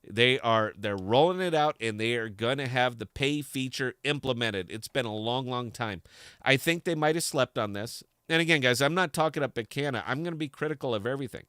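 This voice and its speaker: A man's voice: medium pitch, fairly quick, fairly bright tone, clear, resonant tone, no echo, clean studio sound. A man hosting a livestream podcast in casual chat, fired up and blunt, with salty language. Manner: fired-up, blunt, profane ranting. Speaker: podcast host.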